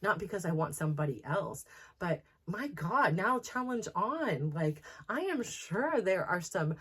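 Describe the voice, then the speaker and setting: A middle-aged woman hosts a candid personal talk, her voice sitting a little low. She speaks frankly and with feeling, rambling through her thoughts with plenty of "like" fillers. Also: big pitch swings, a little slow, a bit bright, slightly rough. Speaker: host.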